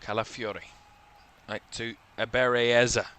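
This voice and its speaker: A man's voice: mid-range voice, little pitch movement, a little slow, a bit bright, smooth. A man giving live football commentary for a watchalong stream, calling player names in short bursts and lifting his voice as attacks build, a little tired. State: tired, yawning.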